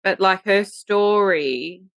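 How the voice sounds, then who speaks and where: A woman's voice: mid-range voice, slow pace, dry recording. A woman co-hosting a podcast, bantering and teasing in a casual chat. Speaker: podcast co-host.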